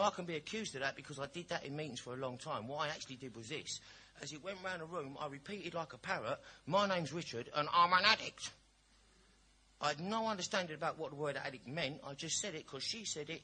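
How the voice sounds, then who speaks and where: A man's voice: fairly high pitch, bright, forceful tone, a little hiss or hum. A man giving a personal share at a recovery meeting, telling his story in a chatty, blunt, jokey way.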